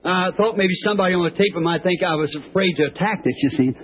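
Folksy preacher man on old tape. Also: fast talker. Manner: rambling, homespun, bursts into high excited shouts. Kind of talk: folksy storytelling sermon. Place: church. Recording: dull old tape recording with faint hiss.

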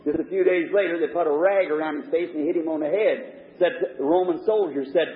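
A man preaching an impassioned sermon, moving between loud exhortation and low, hushed points. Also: fairly quick. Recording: tinny, echoey old hall recording.

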